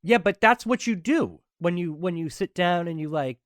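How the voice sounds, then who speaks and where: Male co-host, easygoing explainer, slightly high, dry close sound. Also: expressive, moderate pace, a bit bright, dry recording. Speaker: podcast co-host. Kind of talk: casual chat.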